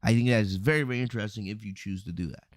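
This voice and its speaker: Animated man recapping, dry sound. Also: lowish voice, rapid-fire, no echo. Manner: animated storytelling, acts out quotes, frequent "right?" and "you know". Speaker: podcast host reviewing wrestling. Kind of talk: casual solo review commentary.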